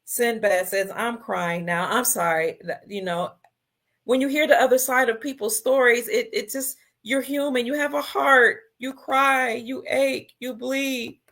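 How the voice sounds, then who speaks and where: A woman's voice: a little high, steady tone, measured pace. Emotional woman hosting a livestream. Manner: emotional, swings between soft and loud. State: tearful. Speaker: livestream host. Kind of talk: casual livestream chat, reading viewer comments.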